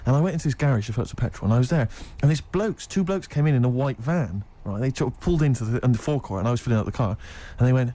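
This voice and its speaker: Fast-talking man telling a story. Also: medium pitch. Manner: animated anecdote-telling, laughs often. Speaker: radio co-host. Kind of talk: comic storytelling on radio chat show. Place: radio studio.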